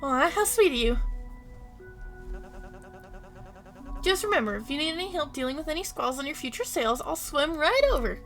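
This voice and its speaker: A bright, high-pitched little pirate captain, cocky and full of sailor slang, as a woman streamer puts him on. He talks big for a kid, from a story-driven video game. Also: lively intonation, fast talker. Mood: cheerful. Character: cheeky young pirate boy captain.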